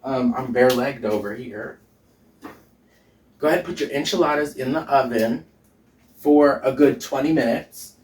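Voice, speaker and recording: A man's voice: mid-range voice, normal speed, long pauses, darkish tone, distant mic. Sassy drag queen in an echoey kitchen. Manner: chatty, sassy, laughs often. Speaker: drag queen cooking show host. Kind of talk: casual cooking chat. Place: home kitchen. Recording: echoey room, off-mic.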